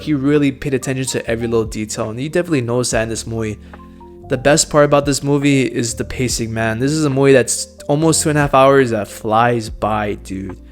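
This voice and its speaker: A young man casually reviewing a film, full of enthusiasm and loose slang. His voice sits at an ordinary middle pitch, with light swearing and constant dude and bro. He talks like he is chatting with a friend.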